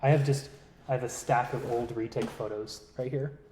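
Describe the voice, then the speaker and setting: A man's voice: mid-range voice, fairly even intonation, moderate pace, dark tone, a little hiss or hum. A man, the guest author, talking casually about researching his book in short, easygoing replies. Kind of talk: casual chat.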